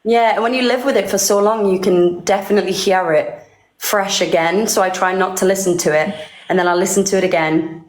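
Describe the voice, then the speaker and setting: A woman's voice: medium pitch, fairly even intonation, brisk. A woman in her thirties, a singer being interviewed, chatting casually with a bubbly, giggly manner. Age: 30s. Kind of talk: casual live-stream chat. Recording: echoey room.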